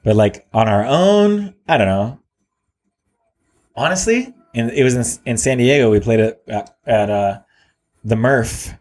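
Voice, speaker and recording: A man in casual chat about his old band, rambling and halting, full of fillers and restarts. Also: mid-range voice, animated, darkish tone. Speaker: musician guest.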